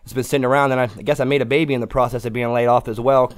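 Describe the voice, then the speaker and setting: A man's voice: medium pitch, steady tone, rapid-fire. A man talking as a guest on a podcast, crude and rambling, laughing often. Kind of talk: casual podcast chat.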